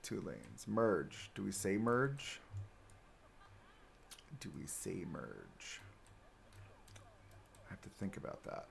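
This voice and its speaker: A man with a low, sing-song voice talks slowly, with vocal fry and long pauses, against slight background noise. He's a livestreamer chatting casually to his chat as he builds in a game, full of self-mocking jokes.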